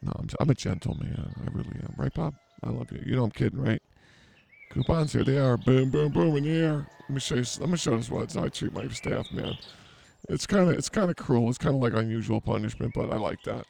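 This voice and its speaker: Gravelly man teasing outdoors. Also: mid-range voice, lively intonation, a little fast, a little mellow, a little hiss or hum. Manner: teasing, mock-outraged, rambling. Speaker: podcast host. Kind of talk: improvised comedy banter. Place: outdoors at a zoo.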